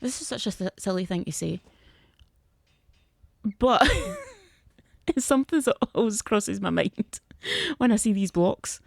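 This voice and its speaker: A woman's voice: medium pitch, unhurried, gravelly, long pauses, a little mellow, dry recording. A young woman casually commenting as she plays a video game, chatty and easily flustered, laughing often. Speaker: gaming streamer.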